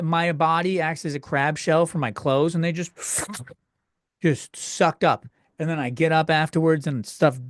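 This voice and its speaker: A young man rants crudely through his solo comedy podcast, fumbling and restarting as he gets worked up. His voice sits a bit high for a man. He is recorded close and dry at home. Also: dry recording. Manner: crude, exasperated ranting with frequent self-interruptions. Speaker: podcast host.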